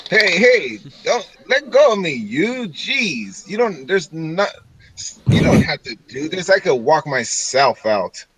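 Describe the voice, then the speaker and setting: A vain, flirtatious elf adventurer, put on by a man at a tabletop game, sweet-talking in an unhurried drawl. When he is being thrown out, he protests with slow, wounded indignation. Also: medium pitch, expressive, a bit bright, slight background noise, poor audio. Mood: indignant. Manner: smooth-talking, then indignant. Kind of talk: tabletop role-play.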